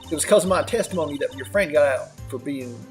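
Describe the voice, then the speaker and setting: A streamer voicing a brash Southern woman photographer with a loud, folksy drawl and whoops, reading a game character. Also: mid-range voice, expressive, fast talker, faint music behind, close to an everyday voice. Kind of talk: let's play character voice.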